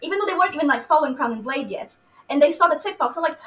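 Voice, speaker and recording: A woman actress chatting in an interview, excitable and laughing as she retells stories and acts out quotes. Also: high-pitched, rapid-fire, few pauses, low-quality recording. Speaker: actress in the film. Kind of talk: casual interview chat.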